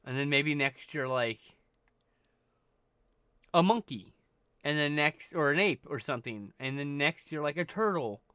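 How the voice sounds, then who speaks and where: A man's voice: fairly high pitch, expressive, unhurried, pauses often, pushed and bright, clean tone, no echo. Rambling, profane man, dry sound. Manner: rambling, profane, trails off mid-sentence. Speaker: livestream co-host. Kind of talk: casual chat while drawing.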